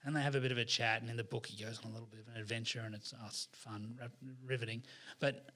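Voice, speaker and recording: A man's voice: medium pitch, quick pace. Chatty man telling a story. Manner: chatty, frequent fillers and restarts, animated. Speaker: podcast guest, author. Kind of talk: casual storytelling in conversation.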